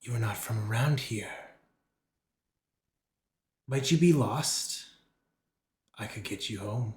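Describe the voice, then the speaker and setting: A man's voice: mid-range voice, takes it slowly, darkish tone, reverberant, lightly acted. A man whispering as a growly cave creature. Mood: menacing. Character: hungry unseen cave creature, sly.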